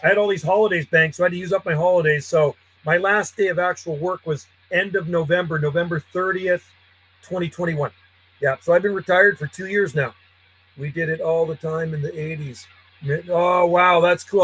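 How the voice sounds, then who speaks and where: A man's voice: sits high, steady tone, a little fast, fairly bright tone, husky, low-quality recording. A man, a friendly and chatty CB radio operator calling out call signs from his home radio room. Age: 50s. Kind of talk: casual radio calls and chat.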